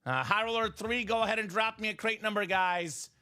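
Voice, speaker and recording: A young man hosting a live sports card break, hyping items and bantering with viewers in quick sales patter. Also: high voice. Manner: energetic, shouts and jokes with viewers.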